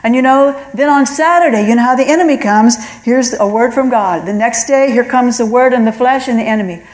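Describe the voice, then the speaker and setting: On a low-quality recording, a middle-aged woman with a high-leaning, brisk voice gives an earnest testimony. She tells her story and acts out the voices of God and of callers.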